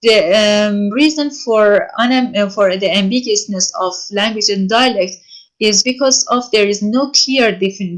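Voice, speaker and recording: Woman lecturer from Iraq, mid-pitched, halting online teaching delivery full of self-corrections. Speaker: university lecturer. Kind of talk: online lecture answering written questions.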